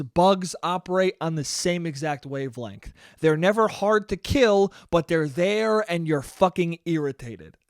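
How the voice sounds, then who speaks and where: This podcast host's solo episode is a loose, profane rant full of tangents and jokes. He's a young man with a high voice, captured at studio quality without any room sound.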